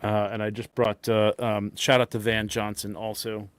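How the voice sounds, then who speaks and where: A man's voice: on the low side, little pitch movement, normal speed, smooth, no room sound. Rambling man telling a story. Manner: rambling, laughing, acts out quotes. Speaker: podcast co-host. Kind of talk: casual chat, telling a convention story.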